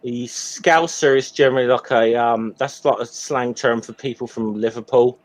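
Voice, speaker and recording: A man's voice: mid-range voice, fairly even intonation, moderate pace. A man in casual group chat on a stream, talking hesitantly with many ums and restarts. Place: Hampshire home, voice call.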